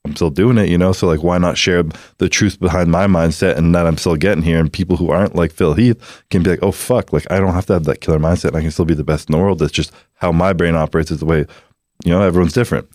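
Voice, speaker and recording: Fast-talking Canadian man with a lisp. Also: sits low, fairly even intonation, a little mellow, no echo, studio quality. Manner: candid, filler-heavy, swears freely. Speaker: guest. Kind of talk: casual podcast conversation. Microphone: headphones on, studio mic.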